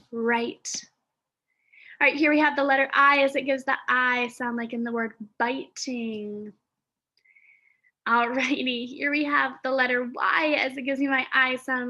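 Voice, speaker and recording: A woman with a high, sharp-toned voice teaches young children a phonics lesson. She enunciates carefully as she sounds out letters and words, thinking aloud with pauses and fillers.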